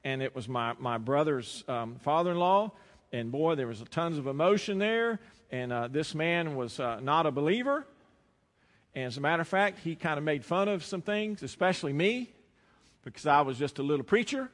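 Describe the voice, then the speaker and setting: Preacher guy, bright voice, tells a story then gets loud and preachy, big echoey church. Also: on the high side, lively intonation, normal speed. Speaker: pastor. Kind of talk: sermon.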